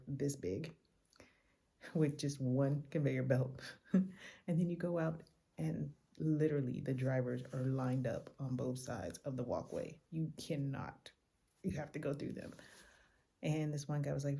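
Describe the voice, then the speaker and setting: A woman telling a chatty, animated travel story in a hotel room at night, tired and a little loopy. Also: a bass voice, normal speed, creaky. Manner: chatty, animated retelling with quoted exchanges. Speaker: travel vlogger. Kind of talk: casual travel vlog storytelling.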